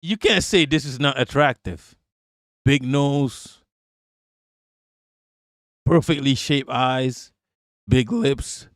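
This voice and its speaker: A man's voice: medium pitch, slow pace, long pauses, dry recording, studio quality. A man doing casual live-stream political talk and reading chat. He is blunt and profane, laughs often, and repeats himself.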